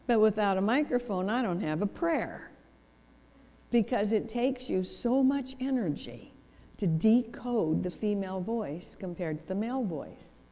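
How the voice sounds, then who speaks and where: A woman giving a seminar talk in a lowered, even professional voice, explaining with wry humor into a microphone. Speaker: seminar speaker. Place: church hall. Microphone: handheld or lapel microphone. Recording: reverberant church hall.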